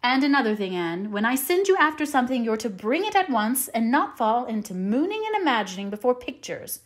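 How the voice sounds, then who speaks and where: A woman voicing a stern, practical older woman who raises a young girl, with a brisk, clipped, scolding manner. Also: a little high, big pitch swings. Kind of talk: audiobook character reading.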